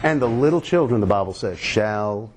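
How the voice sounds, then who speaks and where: A man's voice: fairly low pitch, expressive, normal speed, a little mellow, a little hiss or hum. Earnest man preaching to his listeners. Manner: earnest, conversational, asks the listeners questions. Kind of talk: sermon with a read-aloud story.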